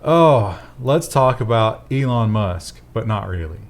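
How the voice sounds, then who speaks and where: A man's voice: fairly low pitch, lively intonation, unhurried. A man hosting a casual tech news chat, with dry and wry asides.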